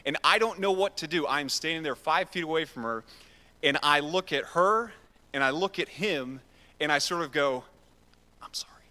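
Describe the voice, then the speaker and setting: A man's voice: fairly high pitch, normal speed, bright, forceful tone. A man, preaching in a casual, self-deprecating storytelling way in a church. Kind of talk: storytelling sermon. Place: church sanctuary. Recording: reverberant church hall.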